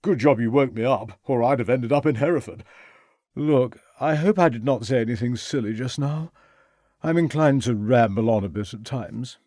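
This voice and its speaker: A man's voice: mid-range voice, normal speed, warm tone, dry recording, studio quality, lightly acted. A male audiobook narrator voicing a tipsy, rambling young upper-class man who slurs and chatters on in self-pity. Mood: sheepish. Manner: slurring, chatty, self-pitying.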